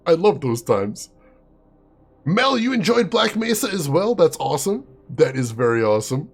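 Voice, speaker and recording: A man chats casually while streaming a game live, laughing often and replying to viewers by name. His slightly rough voice sits on the high side, swinging widely in pitch at a normal speed.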